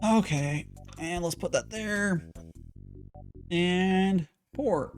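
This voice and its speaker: A young male streamer chats casually while making tea, rambling with lots of restarts and repeated words. His high-pitched voice is extremely slow with frequent pauses, and faint music plays behind him.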